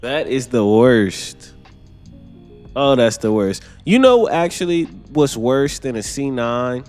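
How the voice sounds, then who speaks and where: A young gaming channel host gives laid-back, chatty commentary over his own gameplay, speaking slowly in a mid-range voice with lively intonation. He laughs often and says "man" and "brother," while loud game music plays underneath.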